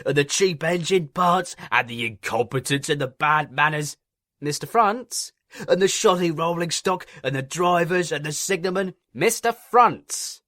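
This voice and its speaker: A man's voice: a little high, expressive, measured pace, fairly bright tone, dry recording, studio quality, voice pushed up. A man voicing a nervous, fawning male railway controller who whines and grovels. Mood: grovelling. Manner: grovelling, whining, stammering.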